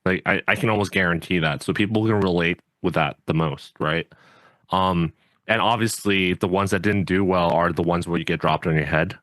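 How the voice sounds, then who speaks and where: A podcast host who is also a judo coach chats casually, earnest and rambling, with many fillers and restarts. His low voice is a bit bright, with fairly even intonation and a moderate pace, on a dry recording.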